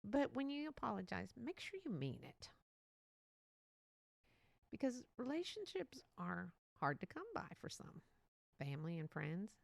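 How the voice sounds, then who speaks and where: Lively, gravelly-voiced woman podcaster. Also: mid-range voice, measured pace, pauses often, no echo. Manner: chatty and animated, often laughing and acting out quotes. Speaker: podcast host. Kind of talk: casual solo podcast monologue.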